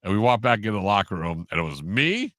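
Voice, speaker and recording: A man tells stories as a guest on a sports podcast. His pitch swings widely as he acts out the voices of the people in his stories. He is recorded close on a dry mic. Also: fast, no echo. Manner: animated storyteller, acts out quotes, laughs often. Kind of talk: casual storytelling in an interview.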